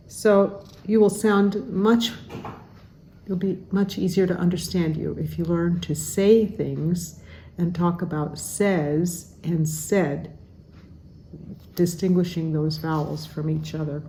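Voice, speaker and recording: Slow, mellow-voiced American woman teaching pronunciation. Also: fairly low pitch, slight background noise. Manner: deliberate, enunciating each sound. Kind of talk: slow, careful pronunciation lesson.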